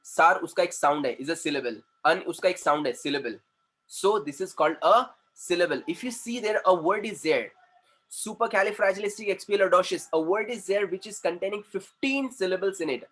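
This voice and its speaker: A man with an Indian accent teaching an English lesson, who repeats words slowly and switches into Hindi to explain. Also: sits high, fairly bright tone, poor audio. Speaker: communication trainer.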